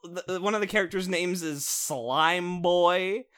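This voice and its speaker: A man co-hosting a casual podcast, reviewing a show in an animated, sarcastic rant with lots of swearing and restarts. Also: sits high, measured pace, clean tone.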